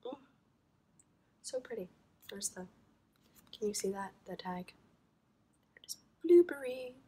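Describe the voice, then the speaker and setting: A woman's voice: medium pitch, animated, a little slow, mellow. A woman hosting a knitting podcast, chatting to camera in a gushing, rambling way full of ums and likes. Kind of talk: casual chat to camera.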